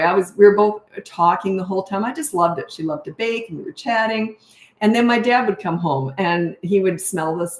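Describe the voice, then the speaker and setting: Her medium-pitched voice carries reverb as this older parenting coach fields questions live. She tells stories conversationally and slips into other voices within her anecdotes.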